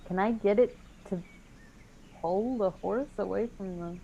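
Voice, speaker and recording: A woman's voice: medium pitch, measured pace, gravelly, mellow, highs cut off, slight background noise. Casual woman player at a game table. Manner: casual, laughing, swearing. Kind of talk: casual play talk.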